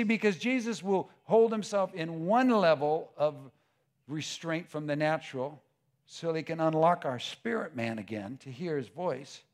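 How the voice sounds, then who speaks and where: A man preaching a sermon with passion, dropping to a hush and rising to a shout, with frequent stammers and restarts. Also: on the high side. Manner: impassioned, swings from hushed to shouting.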